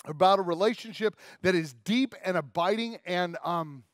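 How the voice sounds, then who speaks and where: Preacher, male, slightly high, chatty storyteller, close and dry. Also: moderate pace, no room sound. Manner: conversational storytelling, acts out voices. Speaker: pastor. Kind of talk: sermon. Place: church main hall.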